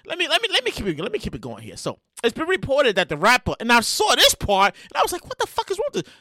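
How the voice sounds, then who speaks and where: High, lively-voiced man ranting on a podcast. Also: quick pace, no room sound, clean studio sound. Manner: animated, profane, frequent restarts and repeated phrases; bursts into loud acted-out reenactments. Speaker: podcast host. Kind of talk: solo casual commentary.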